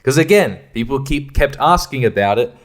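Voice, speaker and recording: A man's voice: mid-range voice, lively intonation, normal speed. A man hosting a podcast, rambling casually with profane, exasperated rants. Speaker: podcast host.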